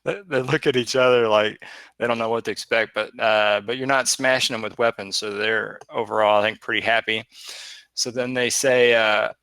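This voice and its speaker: Guy running a tabletop game, lots of ums, bright and dry. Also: on the low side, fairly even intonation, moderate pace, clean tone, no room sound. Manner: hesitant, filler-heavy narration. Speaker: game master.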